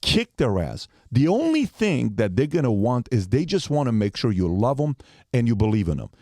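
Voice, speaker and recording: A man's voice: mid-range voice, sing-song, normal speed, warm tone, no echo, studio quality. A man in his forties telling a long story as a podcast guest, acting out the quoted lines as he goes.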